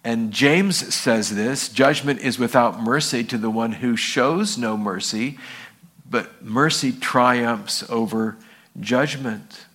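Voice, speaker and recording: A slow, slightly rough male voice belongs to a pastor giving a sermon. He tells stories vividly, raising his voice to act out the people involved and switching to a high voice whenever he quotes them.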